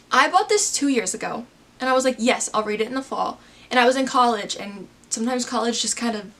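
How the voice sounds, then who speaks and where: A woman's voice: a little high, a bit bright. A woman in her twenties talking casually to camera as a book vlogger, chatty and self-deprecating with rambling asides. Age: 20s. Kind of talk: casual chat.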